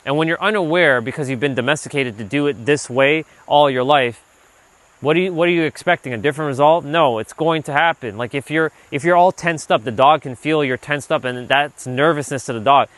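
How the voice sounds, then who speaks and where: A man hosting a livestream while out on a walk, talking loosely and casually, filling his talk with "like" and now and then letting a swear slip when he gets animated. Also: a little high, a little fast, no room sound. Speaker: livestream host, self-improvement speaker. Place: outdoors on a walk. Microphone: handheld gimbal rig.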